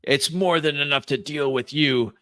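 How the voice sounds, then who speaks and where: A man's voice: fairly high pitch, moderate pace, fairly bright tone, no room sound, clean studio sound, pitched above the performer's own voice, natural voice. A man voicing a frail, older male villain who speaks through a giant robot, menacing and gloating at thieves.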